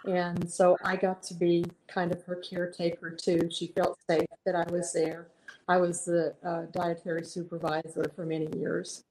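A woman's voice: on the low side, monotone, normal speed, darkish tone, slight background noise, low-quality recording. Earnest woman telling heartfelt stories. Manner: earnest, heartfelt storytelling with restarts. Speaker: guest singer-songwriter. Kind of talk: casual interview chat.

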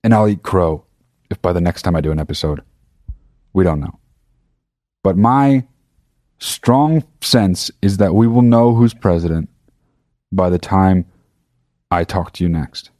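A man rants to his listeners in a casual monologue, swearing freely and hammering his points home. His voice sits low, and the recording is dry with no room sound. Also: a little slow, long pauses, dry recording. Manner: profane, emphatic, animated. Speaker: podcast host.

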